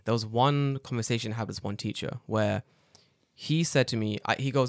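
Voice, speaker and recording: A man co-hosting a podcast in casual chat, telling stories with lots of swearing and animated rants. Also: fairly low pitch, moderate pace, no echo, studio quality. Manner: animated, swearing ranting storyteller. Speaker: podcast co-host.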